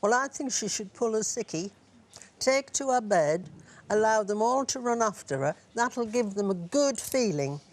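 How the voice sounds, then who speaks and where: A woman with a Geordie accent giving wry, deadpan advice as an agony aunt on live TV. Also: on the high side, moderate pace. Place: TV studio.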